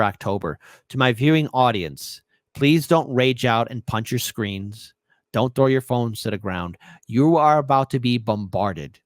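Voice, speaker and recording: A man's voice: medium pitch, no echo, clean studio sound. A man hosting a political commentary stream, reacting sarcastically to clips and reading viewer comments aloud.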